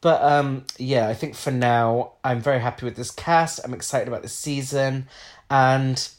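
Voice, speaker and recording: A man's voice: medium pitch, steady tone, normal speed. A man co-hosting a casual podcast, running through lists with dry jokes. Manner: chatty, dry joking, rambling lists. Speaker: podcast co-host.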